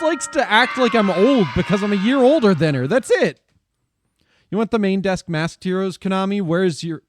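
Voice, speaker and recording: A man's voice: high voice, lively intonation, moderate pace. A man streaming live in a casual, chatty way, swearing freely and complaining with animation.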